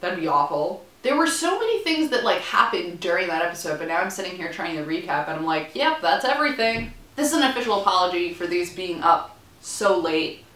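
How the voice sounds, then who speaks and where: A woman's voice: fairly low pitch, sing-song, fairly quick, fairly bright tone, reverberant. A young woman chatting casually as she recaps a TV episode, rambling with playful asides. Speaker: vlogger. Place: room in a student building.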